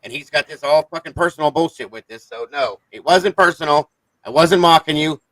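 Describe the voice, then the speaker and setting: A man's voice: on the high side, a little fast, fairly bright tone, no echo, poor audio. A man hosting a casual livestream chat, talking bluntly and swearing often. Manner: blunt, profane, defensive. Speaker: livestream host.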